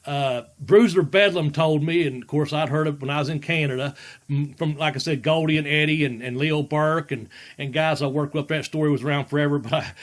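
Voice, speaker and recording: Folksy male podcast host, higher voice, rambling and laughing often. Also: steady tone, fairly quick. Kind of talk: casual storytelling chat.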